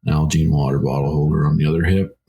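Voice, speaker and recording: A Canadian man with a very low voice talks in an easygoing, casual way as a podcast co-host. He swears offhandedly. A faint hiss sits behind him. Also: little pitch movement, quick pace, creaky, warm tone. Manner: laid-back, swears casually. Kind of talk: casual chat.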